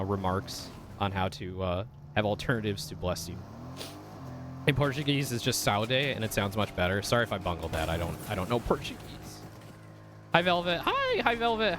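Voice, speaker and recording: A vtuber streamer with a fairly low-pitched voice talks fairly quickly over background music while playing a video game. He chats casually with his viewers, drifting into rambling asides packed with fillers, and swears often when the game gets heated.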